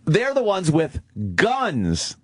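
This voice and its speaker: A man's voice: high voice, huge pitch swings, slow, breathy edge, no echo. A middle-aged man, co-hosting a radio talk show in a sarcastic, mocking way. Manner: sarcastic, mocking, puts on silly voices.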